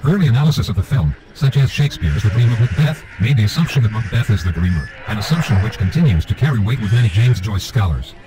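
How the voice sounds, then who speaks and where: A man delivers a mock-academic narration at a fast clip. His voice sits low and he keeps a lecturing tone throughout. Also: lively intonation, noisy background.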